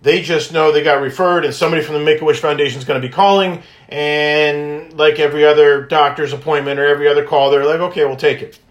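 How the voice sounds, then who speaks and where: High-energy man telling stories, echoey room. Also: steady tone, quick pace, hardly any pauses, dull audio. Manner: high-energy, laughs often, acts out phone calls. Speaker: podcast host and wish granter. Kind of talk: casual storytelling monologue.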